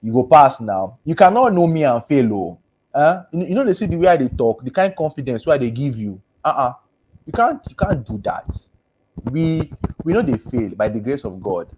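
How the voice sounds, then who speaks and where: Reading comments on a casual live stream, a male doctor with a Nigerian Pidgin accent talks at a moderate pace in a medium-pitched, sing-song, slightly mellow voice, with a faint hiss or hum in the audio. He's chatty, easygoing and repetitive, moving between English and Pidgin and thanking people again and again as his voice wears toward hoarseness.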